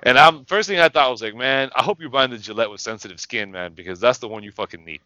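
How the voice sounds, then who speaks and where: A man's voice: mid-range voice, quick pace, pushed and bright, dry recording, muffled recording. A man co-hosting a casual talk show, ranting in a heated, profane, emphatic way. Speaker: podcast co-host.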